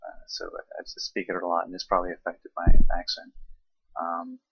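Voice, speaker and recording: A tired young man from Charleston with a Southern accent, reading a word list slowly and hesitantly with many ums. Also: sits low, very animated, vocal fry, breathy edge, dry recording, muffled recording. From Charleston, South Carolina. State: tired, late at night. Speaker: vlogger.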